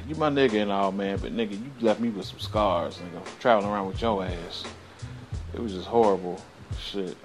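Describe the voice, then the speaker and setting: A man's voice: fairly low pitch, soft background music. A man hosting his own show, telling a rambling personal story full of slang and swearing, sighing between thoughts. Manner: loose, slang-heavy, swearing constantly, drawn-out sighs. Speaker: show host. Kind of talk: profane storytelling monologue.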